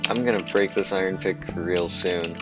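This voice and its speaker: A man's voice: low voice, fairly even intonation, moderate pace, over music. A man giving rambling, self-mocking commentary over his own gameplay. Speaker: let's play host.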